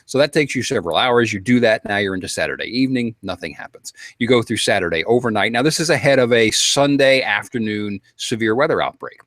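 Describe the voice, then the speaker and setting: A man telling a long story to a panel in a casual, animated way, acting out quotes and getting worked up. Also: lowish voice, quick pace, hardly any pauses, dry recording.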